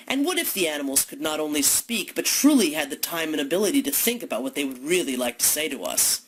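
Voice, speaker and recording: A woman giving an impassioned, accusatory monologue full of rhetorical questions, building to loud declamation. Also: low-pitched, expressive, fairly quick, hardly any pauses, a little hiss or hum, rough recording. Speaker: speaker delivering a philosophical monologue.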